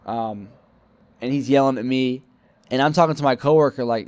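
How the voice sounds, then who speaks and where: A man's voice: medium pitch, steady tone, brisk, smooth, no room sound. A young man rambling through a personal work story, self-critical, acting out quoted lines. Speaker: vlogger telling a personal story. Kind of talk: casual storytelling monologue.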